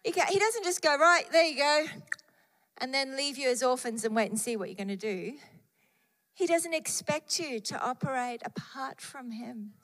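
A woman's voice: high voice, lively intonation, moderate pace, big-room sound. A woman preaching a sermon with emphatic repetition of key phrases and scripture read aloud.

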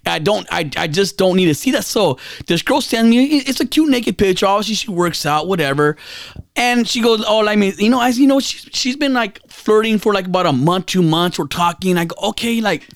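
A man hosts a podcast in loose, rambling chat, tripping over his words, repeating himself and cursing as he tells a story. His voice sits high for a man. The recording is dry, with no room sound. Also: lively intonation, a little fast, vocal fry, dry recording. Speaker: podcast host. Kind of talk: casual chat.

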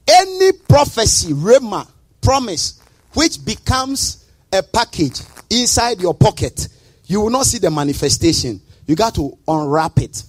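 High, animated preaching man. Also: slightly rough, dry recording. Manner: emphatic preaching with sudden shouts; sing-song, rhythmic delivery. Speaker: pastor. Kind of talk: sermon.

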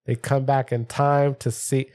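A man's voice: mid-range voice, flat delivery, a little slow, a little mellow, no echo. A man co-hosting a podcast in casual banter, rambling and swearing freely while drinking. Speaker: podcast co-host.

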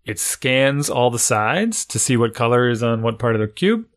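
A man's voice: mid-range voice, very animated, normal speed. A man co-hosting a casual podcast, chatting and musing as he talks things through with fillers. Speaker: podcast co-host. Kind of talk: casual chat.

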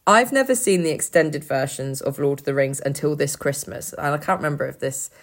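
A woman's voice: deep voice, brisk. A young woman co-hosting a podcast in casual chat, rambling with many fillers and crude jokes. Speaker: podcast co-host.

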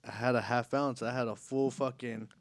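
A man's voice: medium pitch, fairly even intonation, normal speed, vocal fry, slight background noise. A man telling a story in casual chat, slangy and profane.

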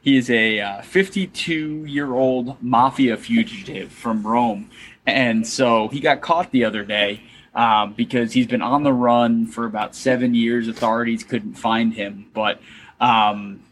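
A young man in a mid-pitched voice tells a story on a podcast in a relaxed, chatty way. A faint hiss sits under the recording. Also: a little slow. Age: young adult. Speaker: podcast co-host. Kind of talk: casual podcast chat.

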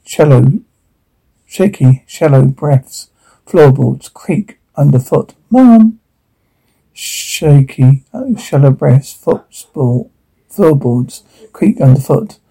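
A man reading a transcript aloud, slow and halting, stumbling over words. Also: medium pitch, lively intonation, creaky, warm tone, slightly rough, low-quality recording. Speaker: reader.

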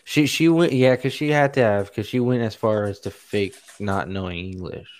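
Low-voiced man in slangy casual chat. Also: moderate pace, clean tone. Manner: loose, slangy, filler-heavy, laughs easily.

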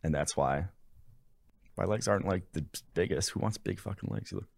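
A man's voice: low-pitched, animated, brisk, creaky, darkish tone, husky, dry recording, clean studio sound. A man co-hosting a casual sports podcast, blunt, crude and wry. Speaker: podcast co-host.

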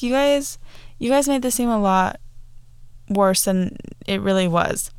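Casual podcast host, young woman, rambling chat, slightly high, smooth voice, dry close sound. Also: lively intonation, brisk, dry recording. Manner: chatty, rambling, many fillers and restarts. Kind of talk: casual movie review chat.

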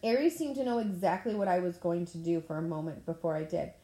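A woman reading a novel aloud in a plain manner, now and then clearing her throat. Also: fairly low pitch, brisk, mellow. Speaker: audiobook reader. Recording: echoey room.

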